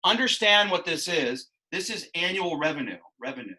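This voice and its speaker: A man's voice: on the high side, expressive, moderate pace, sharp tone, poor audio. A man teaching a math class, explaining ideas with frequent restarts and asides. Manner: explanatory, rambling with many restarts. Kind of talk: classroom instruction.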